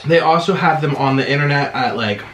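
A man's voice: a little high, a little fast, fairly bright tone. Guy doing a mukbang, chatty, eating and talking, mouth full, faint hiss behind. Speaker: mukbang vlogger. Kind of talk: casual chat while eating.

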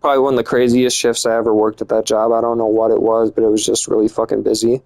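A man's voice: on the low side, flat delivery, fast talker, gravelly, darkish tone, faint music behind, poor audio. Rambling, cursing young man telling a story. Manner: rambling and profane, lots of fillers. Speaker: vlogger. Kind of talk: casual storytime monologue.

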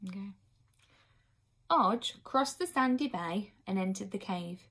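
Woman, storybook reader, expressive, medium pitch, occasional asides. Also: slow pace. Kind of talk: reading a children's book aloud.

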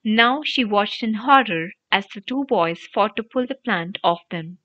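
A woman reading a storybook audiobook aloud in an animated, expressive narration. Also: mid-range voice, a little slow. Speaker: audiobook reader. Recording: dry, dull lo-fi audio.

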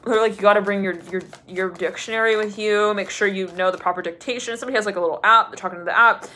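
A woman's voice: medium pitch, fairly even intonation, quick pace, bright, forceful tone. A woman giving a casual tarot reading, chatty and rambling, laughing often and filling her talk with loose asides. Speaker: tarot reader.

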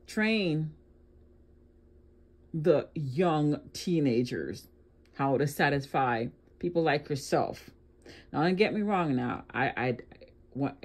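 Sarcastic reaction host lecturing. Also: mid-range voice. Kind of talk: reaction commentary.

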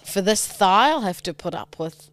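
A woman co-hosting a comedy podcast, playful and quick to jump into silly bits. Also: medium pitch, lively intonation, no room sound. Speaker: podcast co-host. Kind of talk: casual comedic banter.

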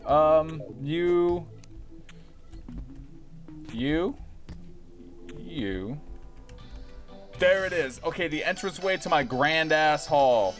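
A young man giving casual, profane let's-play commentary, rambling and breaking into excited yells. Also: fairly high pitch. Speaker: gaming YouTuber.

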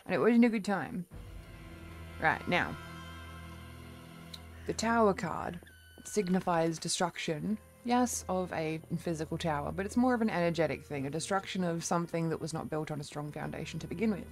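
A woman's voice: lowish voice, normal speed, faint music behind. A woman streamer giving playful, bawdy commentary while she plays, talking to her chat. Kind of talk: casual game commentary.

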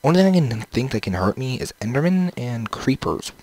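A man's voice: medium pitch, big pitch swings, brisk, a little mellow. A young man casually commenting on his own gameplay through a headset, rambling to himself with playful sing-song bits. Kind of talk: casual let's-play commentary. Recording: game music playing under the voice.

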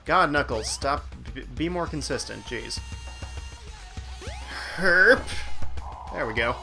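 A man talks through his game in a loose, rambling way, poking fun at himself as he goes. His pitch sits in an ordinary middle range, and bright game music plays under his voice the whole time. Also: moderate pace, creaky. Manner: rambling, self-mocking, offhand. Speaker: let's play host. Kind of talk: casual gameplay commentary.

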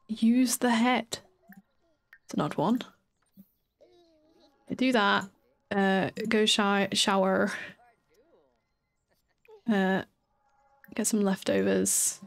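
A woman's voice: mid-range voice, steady tone, drawn-out words, gravelly, long pauses. A tired woman with a chatty, giggly, rambling manner, casually commenting on her gameplay as a streamer.

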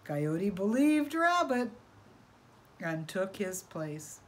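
Expressive woman reading a storybook aloud. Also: medium pitch, slow, a little hiss or hum. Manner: expressive, asking listeners questions. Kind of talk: reading a picture book aloud.

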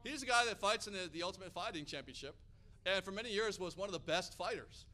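A man from Hawaii delivers a sermon full of personal stories, animated and energetic. His voice sits high for a man, with a bright, forceful edge. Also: quick pace. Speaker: pastor.

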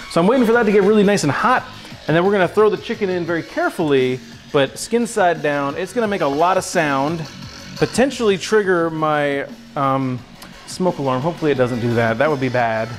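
A man's voice: on the high side, lively intonation, brisk, soft background music. A man streaming a casual cooking lesson from his home kitchen, rambling and joking with his chat. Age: adult. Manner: rambling, jokey, talks to chat.

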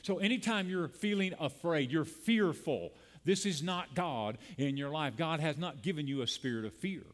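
A man's voice: fairly high pitch, animated, moderate pace, few pauses. Impassioned man preaching a sermon. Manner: preaching with call-and-response and rising emphasis. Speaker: pastor. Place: church sanctuary.

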